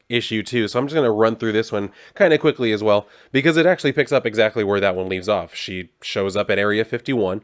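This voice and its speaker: A man casually reviewing comic books, swearing often as he talks. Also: lowish voice.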